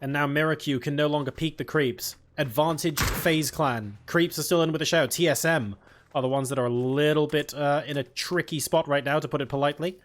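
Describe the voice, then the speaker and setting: A man calling a live esports match with rapid, excitable play-by-play commentary that jumps into bursts of excitement on big plays. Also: on the high side, slight background noise. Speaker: esports caster. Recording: gunfire from the game behind the voice.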